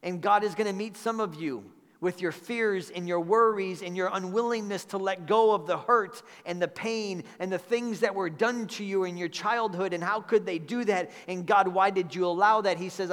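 A pastor with a high, slightly bright voice delivers a sermon in a church sanctuary, preaching earnestly and conversationally with repeated phrases. Long hall reverb fills the recording.

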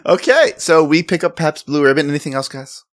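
A man's voice: on the high side, expressive, fairly quick. A man, co-hosting a casual tabletop game podcast, joking and laughing often. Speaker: podcast co-host and player.

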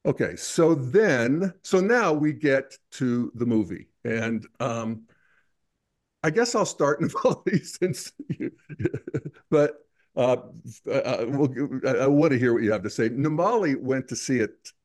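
A man chats about a film as host of his show. He rambles and hesitates, often restarting his sentences, and his pitch sits in an ordinary middle range. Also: lively intonation, slow, darkish tone. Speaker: podcast host. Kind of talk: casual film discussion.

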